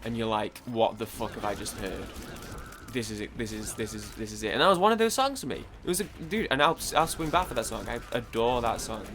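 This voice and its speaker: A young streamer from Manchester, England, rambles in a Mancunian accent as he games, stammering, repeating words and swearing freely. His mid-range voice is expressive, brisk and a bit bright, with a little hiss or hum in the recording.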